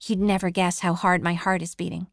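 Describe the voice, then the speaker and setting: A woman reading a first-person story aloud in a calm, measured way. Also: lowish voice, creaky, dry recording, clean studio sound. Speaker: audiobook narrator. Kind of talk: scripted first-person narration.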